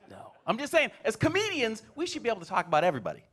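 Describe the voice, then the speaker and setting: Dude comic headlining, kinda high voice, wry, pokes at the crowd. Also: male voice, huge pitch swings, very fast, a bit bright. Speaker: headlining comedian. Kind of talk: stand-up set. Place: comedy club stage.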